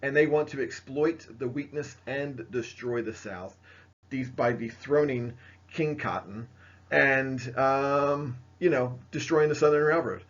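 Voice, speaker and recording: Male teacher with a mid-pitched voice, lecturing casually over slides, dull lo-fi recording. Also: a little slow. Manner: casual, filler-heavy, pointing at slides. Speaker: history teacher.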